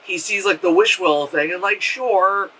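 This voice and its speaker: High, bright-voiced rambling movie reviewer man. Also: measured pace, recorded from a distance, rough recording. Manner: rambling and animated, heavy on "like", swears freely. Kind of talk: casual spoken film review.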